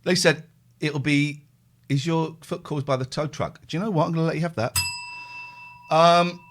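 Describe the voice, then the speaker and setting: A man's voice: fairly high pitch, moderate pace, noisy background. A middle-aged man hosting a live stream, telling a story in casual chat and acting out the phone calls. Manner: animated storyteller, acts out phone calls, thanks subscribers. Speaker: host.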